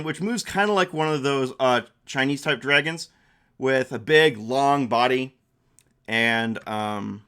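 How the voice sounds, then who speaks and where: A man's voice: mid-range voice, a bit bright. A man acting as game master and streamer, narrating a tabletop game and thinking aloud as he draws. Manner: casual, thinking aloud while drawing.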